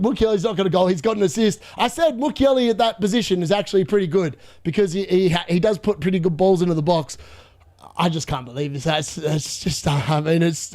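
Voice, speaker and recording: Excitable high-voiced man streaming. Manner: excitable, gloating, laughs often, repeats himself. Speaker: fantasy football streamer hosting a live watchalong. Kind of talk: live stream commentary.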